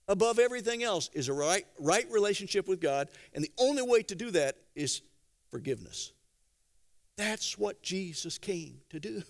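A man preaching a sermon, telling stories conversationally with gentle humor and acting out quotes. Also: high-pitched. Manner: animated storytelling with acted-out quotes. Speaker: pastor.

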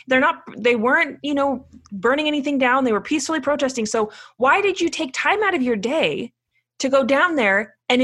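Higher-voiced woman, podcast co-host. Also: a bit bright. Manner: questioning, reasoned pushback. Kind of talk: casual opinionated chat.

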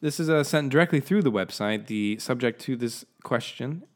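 A man's voice: mid-range voice, expressive, moderate pace. A man co-hosting a podcast in casual chat, chatty and playful. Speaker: podcast co-host.

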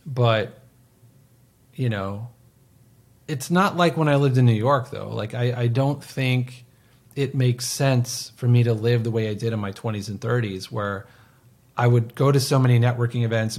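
A man's voice: medium pitch, fairly even intonation, normal speed. Rambling middle-aged man, casual podcast chat. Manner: rambling, filler-heavy, trails off softly. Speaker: podcast co-host.

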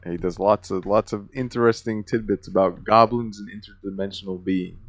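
American guy on a podcast, lowish voice, dry close mic, swears a lot. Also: a little fast, no echo. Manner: swears a lot, animated and joking. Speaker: podcast co-host. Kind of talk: casual podcast chat.

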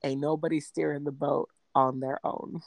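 A woman's voice: deep voice, moderate pace, gravelly, no room sound. A woman chatting casually on a podcast, outspoken and goofy, swearing freely. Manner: outspoken, profane, animated and goofy. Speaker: podcast co-host. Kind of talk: casual chat.

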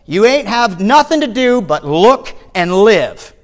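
A man's voice: sits high, sing-song, measured pace, big-room sound, voice pushed up. A man doing a fervent rustic Essex preacher. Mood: shouting. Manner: plain, ungrammatical country speech. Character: thin uneducated male lay preacher, rustic and fervent.

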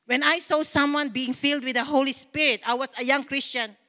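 A woman pastor preaches with fervent repetition and bursts of praise. Her voice sits high and sounds bright and forceful. A long hall reverb trails each phrase, as in a church sanctuary. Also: fairly even intonation, fairly quick. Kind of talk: sermon.

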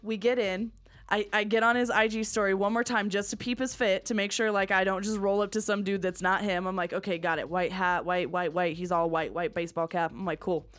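Profane, animated young woman podcast host. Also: mid-range voice. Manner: profane, animated, fast storytelling. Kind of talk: casual storytelling chat.

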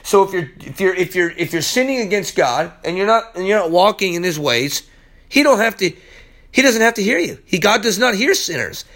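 A man with a high-pitched voice preaches a verse-by-verse sermon podcast. He is emphatic and insistent, and often trips over restarts and repeated words. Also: lively intonation, brisk, a bit bright.

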